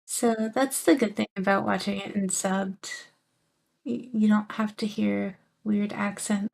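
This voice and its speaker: Soft-spoken young British woman, slow. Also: mid-range voice, fairly even intonation, vocal fry. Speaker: streamer. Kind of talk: casual stream chat, reading and answering chat.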